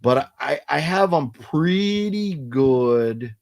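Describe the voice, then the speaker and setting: A man's voice: a little high, animated, very slow, gravelly, darkish tone. A man hosting a casual late-night live stream, thinking aloud in a rambling way with many restarts.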